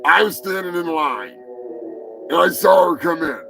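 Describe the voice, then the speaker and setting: A man hosting a live show, telling profane, rambling stories and breaking into shouts. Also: on the high side, animated, measured pace, creaky, rough recording. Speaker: host. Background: music.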